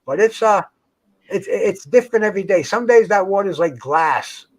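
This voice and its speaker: A man's voice: high voice, animated, moderate pace. An older man in casual chat, rambling and profane, stumbling over restarts as he talks outdoors by a dock on the water. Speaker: host.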